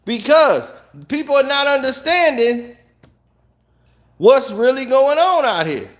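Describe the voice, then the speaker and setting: An online commentator, a man with a very high voice for a man, delivers a heated solo rant from home. He's blunt, angry, and animated, takes it slowly, and keeps throwing out rhetorical questions.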